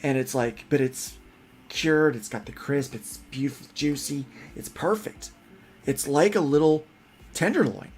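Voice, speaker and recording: A man hosting a casual chat, telling rambling, animated stories full of restarts. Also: medium pitch, moderate pace, soft background music. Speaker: podcast host.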